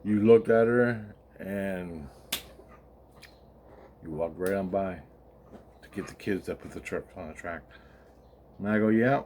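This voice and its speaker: Low-voiced guy rambling and swearing, retelling a spiritual story, faint noise behind. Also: slow, long pauses, a little mellow. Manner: rambling, profane, acts out quoted dialogue, laughs often. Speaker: vlogger recounting spiritual experiences. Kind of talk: rambling casual monologue.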